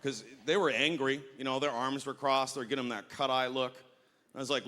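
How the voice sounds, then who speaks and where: A man telling an animated stand-up story, acting out the other voices as he goes. His voice is bright and forward. It carries a long reverb from the hall. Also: mid-range voice, fairly quick. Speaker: stand-up comedian. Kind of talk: stand-up routine. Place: comedy festival stage.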